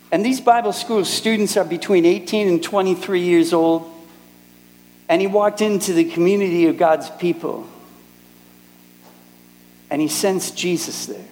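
A man's voice: high-pitched, a little mellow, in a large hall, poor audio. A middle-aged man from Minneapolis preaching a sermon, telling personal stories in an earnest way and acting out the people he quotes. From Minneapolis, United States. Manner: earnest storytelling, acts out quoted speakers.

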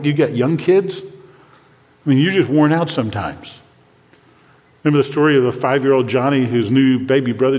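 An older man preaching a sermon to fathers, earnest and dropping to a hushed voice when praying. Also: medium pitch, big-room sound. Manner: earnest, drops to a hushed voice for prayers. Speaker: pastor.

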